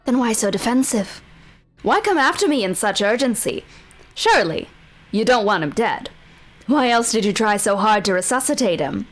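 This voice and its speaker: A calm, mocking sorceress, played by a woman, who taunts with cool ease. The voice sits high, over faint background music. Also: moderate pace. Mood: taunting. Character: cold, mocking older sorceress mother.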